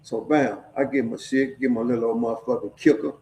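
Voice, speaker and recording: Warm-voiced man telling street stories. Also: mid-range voice, steady tone, brisk, a little hiss or hum. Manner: profane, streetwise, keeps checking in with "right?". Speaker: storyteller sharing prison stories. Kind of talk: casual storytelling. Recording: echoey room.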